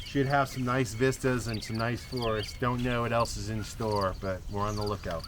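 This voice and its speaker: A man's voice: lowish voice, steady tone, normal speed, background noise. A man hosting a travel vlog, chatting casually and with enthusiasm to the camera as he walks a mountain trail. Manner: easygoing, chatty, enthusiastic about the sights. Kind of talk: casual walking narration to camera.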